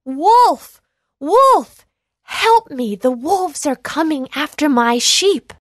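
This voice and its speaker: A woman voicing a young shepherd boy in a storybook, calling out loudly in a high voice. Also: very animated, takes it slowly, no echo, studio quality, heavily acted. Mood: shouting. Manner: shouting and pleading, high and loud. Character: young shepherd boy, mischievous then frightened.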